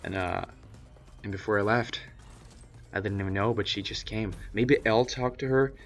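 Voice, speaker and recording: A young man casually telling a personal story to camera, profane and animated, with loud ranting bursts. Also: fairly low pitch, normal speed, faint music behind. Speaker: vlogger.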